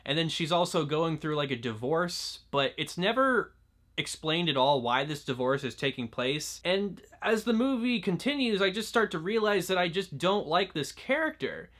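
A man's voice: fairly high pitch, sing-song, moderate pace, a bit bright. A young man casually talking through a film review, chatty and loose, with lots of "like" and restarts. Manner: chatty, fills talk with "like" and restarts. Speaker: movie reviewer.

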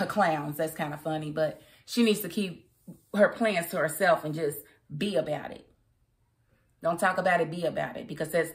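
A woman giving a casual, opinionated spoken review of a TV episode, chatty and quick to laugh. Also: low-pitched, a bit bright. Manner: chatty and opinionated, laughs often, mimics characters. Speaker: TV show reviewer.

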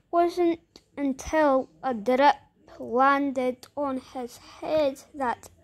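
Woman reader, high voice, unhurried, chatty asides between lines of a children's book. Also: darkish tone. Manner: chatty, playful commentary. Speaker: story reader. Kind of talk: casual read-aloud with chatty asides.

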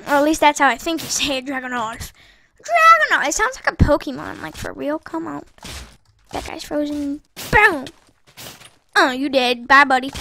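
A woman giving excitable live gameplay commentary, trash-talking opponents and giggling as she plays. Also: high-pitched, a little hiss or hum. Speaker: gaming channel host.

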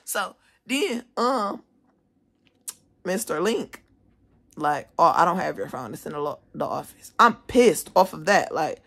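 A teenage girl telling a story from school in a casual vlog from her bedroom, animated, indignant and swearing freely. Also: medium pitch. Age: teens. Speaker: vlogger, student. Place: at home, bedroom.

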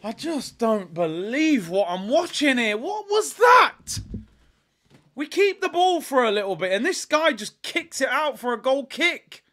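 A young man hosting a live football watch-along, reacting with frustration and shouting at the players. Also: very high-pitched, sing-song, moderate pace, few pauses. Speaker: fan watch-along host.

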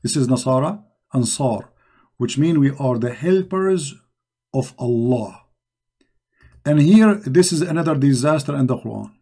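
A man's voice: medium pitch, lively intonation, measured pace, pauses often, dark tone, husky. A man hosting a live religious debate stream, mocking and emphatic, repeating rhetorical questions into a computer mic. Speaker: debate show host.

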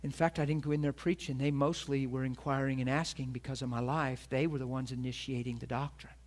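A man's voice: mid-range voice, fairly even intonation, fairly quick. A middle-aged man preaching a sermon as a pastor, telling a personal story earnestly and acting out the voices of the people in it.

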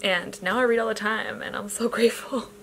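A young adult woman chatting casually to camera as a vlogger, bubbly and gushing at times, then drifting into soft, reflective musing. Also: fairly high pitch, steady tone, fairly quick, slight background noise, low-quality recording. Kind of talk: casual vlog chat.

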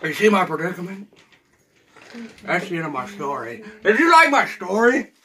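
A man's voice: high voice, big pitch swings, moderate pace, sharp tone. A man doing a goofy comedy skit, talking in an exaggerated, silly, whiny voice. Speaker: vlogger.

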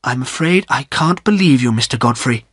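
A man's voice: medium pitch, lively intonation, moderate pace, a bit bright, breathy edge, no room sound, clean studio sound. A man voicing a proper, reserved young woman who speaks coolly and firmly, in a storybook reading. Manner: cool, clipped.

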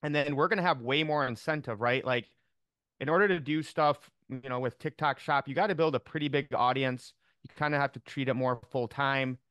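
Upbeat man on a video call, rambling, smooth clear voice, dry sound. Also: mid-range voice, brisk, a bit bright, dry recording. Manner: upbeat, rambling, many fillers. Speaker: team member on a call. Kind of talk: casual chat on a video call.

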